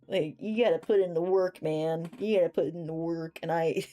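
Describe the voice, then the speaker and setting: Her voice is steady and warm, medium-pitched though she wishes it were deeper, and she speaks at a moderate pace with hardly any pauses. This woman streamer chats casually during a video game livestream, swearing freely and reading chat messages aloud.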